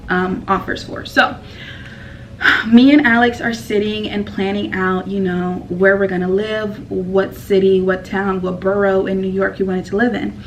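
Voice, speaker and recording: A woman's voice: mid-range voice, far from the mic, slight background noise, rough recording. A woman telling a personal story in a casual vlog, rambling and emotional with lots of fillers.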